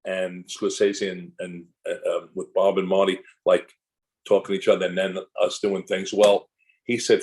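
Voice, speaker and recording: A man's voice: sits low, level tone, normal speed, darkish tone, poor audio. An older man, an actor guest in a casual interview, telling long rambling anecdotes full of restarts and asides.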